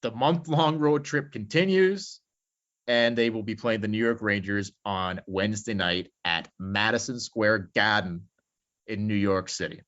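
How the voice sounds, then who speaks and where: A man's voice: fairly low pitch, moderate pace, a bit bright. A man co-hosting a hockey podcast in loose, rambling casual chat, swearing freely. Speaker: podcast co-host. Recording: slightly dull lo-fi audio.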